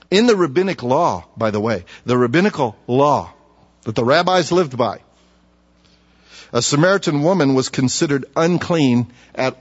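A pastor preaching a sermon in a conversational way, with asides and rhetorical questions to the congregation. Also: male voice, medium pitch. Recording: dull audio with long hall reverb.

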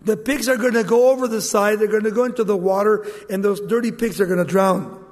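Male preacher, high-pitched, dramatic delivery, reverberant hall. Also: fairly even intonation, fairly quick, a little mellow. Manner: dramatic, acts out quoted voices. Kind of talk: sermon.

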